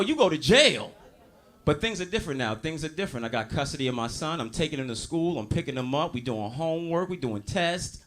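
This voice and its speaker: A man performing a brash, loud stand-up comedy set in a small comedy club. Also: fairly high pitch. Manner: loud, brash, crowd-working delivery. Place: comedy club in a diner, live audience.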